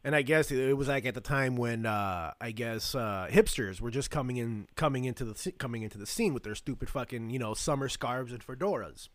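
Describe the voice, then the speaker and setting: A man's voice: mid-range voice, a little fast, few pauses, a bit bright, no room sound. A man hosting a casual podcast chat, rambling and swearing, with many fillers and restarts. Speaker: podcast host.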